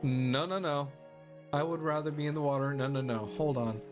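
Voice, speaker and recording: A young gaming YouTuber with a fairly high-pitched voice speaks at normal speed while playing Minecraft for a let's play. Game music runs underneath, and he keeps gasping and exclaiming, easily startled.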